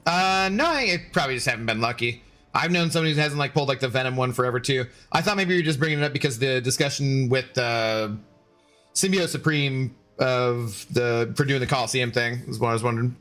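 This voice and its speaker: A man's voice: mid-range voice, fast talker, a bit bright, faint music behind. A man live-streaming a game, joking and bantering as he answers his chat. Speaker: gaming streamer.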